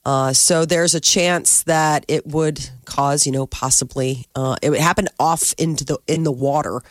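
A woman's voice: low-pitched, fairly even intonation, moderate pace, no echo, clean studio sound. A woman reading radio news headlines in a loose, casual way, with fillers and self-corrections. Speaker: news reader on a radio show.

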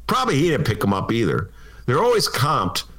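A man's voice: mid-range voice, wildly swooping pitch, brisk, fairly bright tone. A man hosting a political talk show, giving opinionated commentary with sarcastic, jokey asides.

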